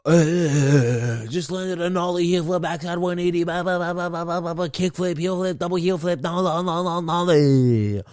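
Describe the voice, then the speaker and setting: A man's voice: on the high side, normal speed, few pauses, a little mellow, dry recording, clean studio sound, voice pushed up, lightly acted. A man voicing a stoned young male skater-bro doctor with a drawling, slangy surfer-bro manner. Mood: laid-back stoner.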